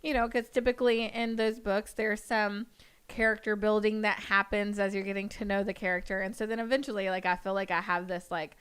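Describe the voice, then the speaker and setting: Clear-voiced woman chatting with a laugh. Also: medium pitch, little pitch movement, fairly quick, fairly bright tone. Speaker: podcast guest. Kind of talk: casual chat.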